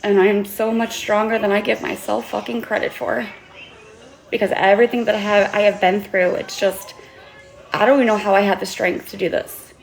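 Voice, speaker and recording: A woman vlogging an impassioned, tearful monologue as an author, pleading earnestly and sometimes swearing, with halting restarts. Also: mid-range voice, steady tone, creaky. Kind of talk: emotional vlog monologue.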